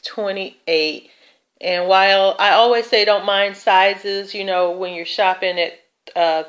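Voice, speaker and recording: A woman vlogger talks through her thrift store dresses in a relaxed, unhurried way. Her voice sits a little low, and she pauses with fillers and corrects herself as she goes. She has a light, self-deprecating touch. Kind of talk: casual show-and-tell vlog.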